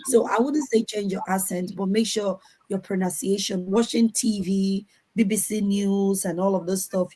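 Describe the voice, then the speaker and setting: A woman's voice: medium pitch, steady tone, normal speed, few pauses, warm tone, poor audio. A woman speaking on an online panel over a video call, giving earnest advice and sometimes repeating words as she looks for the next one. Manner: earnest, advising, repeats words while finding them. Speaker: conference panelist.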